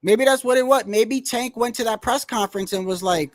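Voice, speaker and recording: A man's voice: very high voice, moderate pace, dry recording, clean studio sound. A man talking casually about boxing in a rambling, slangy, profane way. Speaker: boxing commentator. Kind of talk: casual solo boxing talk.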